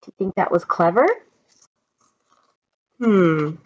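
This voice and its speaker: A woman reading a children's story aloud, slow and gentle, asking the children questions as she goes. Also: lowish voice, muffled recording. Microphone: own camera.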